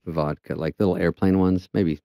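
Guy comedian, lowish voice, dry studio mic, deadpan storytelling. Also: vocal fry, no room sound, dull audio. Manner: dry storytelling, mimics others in quick voices. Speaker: comedian guest. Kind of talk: casual talk-show anecdotes.

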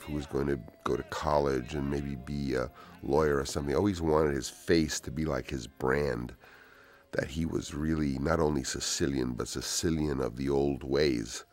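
Man, sixties, very deep low voice, relaxed rambling storyteller, soft asides, commentary track. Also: normal speed, soft background music. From United States. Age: 60s. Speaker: film director. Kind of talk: DVD audio commentary, anecdotal storytelling.

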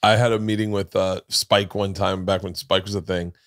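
A man hosting a podcast, telling comic stories in a casual, animated way and acting out quoted lines with big jumps in pitch. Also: normal speed, no room sound, clean studio sound. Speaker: podcast host. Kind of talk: casual comedic storytelling.

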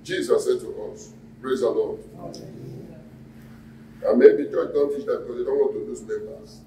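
A man's voice: mid-range voice, fairly even intonation, moderate pace, warm tone, slight background noise. A man, a pastor preaching a sermon and quizzing the congregation in call-and-response. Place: church hall. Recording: echoey hall, mic at a distance.

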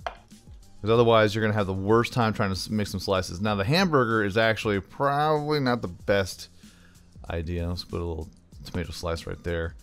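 A man's voice: fairly low pitch, moderate pace, a bit bright, smooth, soft background music. A man casually commentating his own cooking game as he plays, chatty and thinking aloud, calling the viewer "bro". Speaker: gaming channel host. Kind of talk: casual let's-play commentary.

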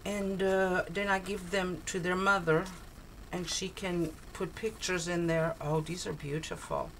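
Slow, gushing older woman crafter. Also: fairly low pitch, fairly even intonation, slight background noise, poor audio. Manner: gushing, exclaiming over small craft items. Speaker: crafter opening a swap package. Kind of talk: casual unboxing chat. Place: cold home, heater on.

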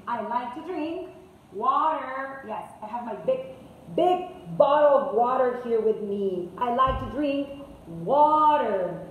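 A high-voiced woman leads a children's English class, drawing words out slowly and repeating them in a lilting, sing-song way. Her voice rings in a very echoey room, and a faint hiss sits underneath. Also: expressive, recorded from a distance. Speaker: English teacher.

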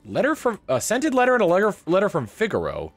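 A man's voice: high-pitched, wildly swooping pitch, quick pace, faint music behind. A man giving wry live commentary while playing a video game and reading in-game text aloud. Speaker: game streamer.

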